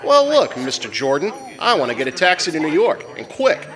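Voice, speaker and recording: A man's voice: fairly high pitch, big pitch swings, fairly quick, music in the background. An actor playing a cocky young prize fighter who talks in tough-guy slang, in 1940s radio acting. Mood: indignant.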